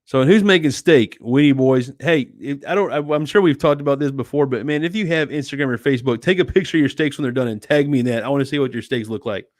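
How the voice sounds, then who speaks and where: An easygoing man hosts a late-night live stream from home. He reads viewer comments aloud and answers them in a chatty, friendly way, calling people sweetie and dude. His mid-pitched voice sounds dry and close, with no room echo. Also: fast talker, few pauses. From United States. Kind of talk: casual chat reading viewer comments.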